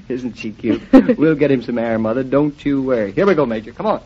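With an animated medium-pitched voice at normal speed, a man lightly acts the part of a cheerful young husband, an architect devoted to his dog. It's 1940s radio acting on a dull lo-fi old recording with a little hiss or hum.

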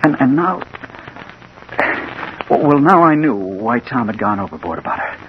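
A hard-boiled crime reporter narrating his story, his voice lively and swinging between hushed and urgent. It is 1940s radio acting on a dull old broadcast with clear hiss behind it. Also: mid-range voice, a little slow. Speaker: narrator and lead.

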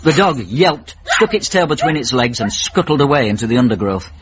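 A man's voice: mid-range voice, expressive, a little fast, slight background noise. A man giving dry, wry scripted narration for a radio drama. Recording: muffled radio broadcast.

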